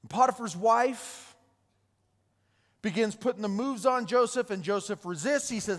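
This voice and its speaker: A man's voice: sits high, a little slow, a bit bright. A man preaching a sermon, retelling Bible stories with restarts and repeated words. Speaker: pastor. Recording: long hall reverb.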